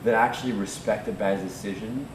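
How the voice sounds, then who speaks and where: A man's voice: steady tone, brisk. A man interviewing a musician, talking in a reflective, conversational way. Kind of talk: casual interview chat. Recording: roomy, noisy with rumble.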